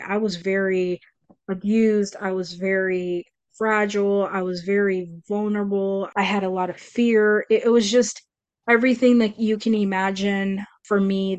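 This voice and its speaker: A woman's voice: mid-range voice, clean tone, dry recording. A woman co-hosting a podcast, speaking candidly and earnestly, often restarting her sentences. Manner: earnest, emotional, halting with restarts. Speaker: podcast co-host.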